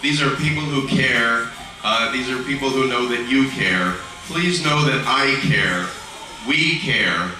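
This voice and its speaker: A middle-aged man giving an earnest, grateful convention speech with halting pauses, heard from far off in an echoey hall. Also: medium pitch, bright, forceful tone, soft background music. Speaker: guest voice actor.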